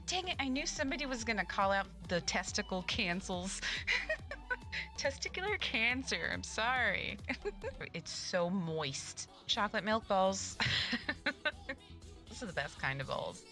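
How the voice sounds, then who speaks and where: A woman's voice: mid-range voice, big pitch swings, unhurried, pauses often, pushed and bright, faint music behind. A woman live-streaming a game, chatting casually and cracking crude jokes with frequent giggles. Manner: giggly, crude joking, laughs often. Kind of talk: casual live-stream chat while gaming.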